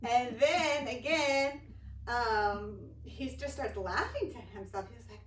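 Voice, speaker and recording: A woman's voice: a little high, takes it slowly. A woman guest and ministry director, telling a story in casual talk and acting out what others said. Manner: animated storyteller acting out quoted voices. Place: church studio or room. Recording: echoey room, distant mic, faint hiss.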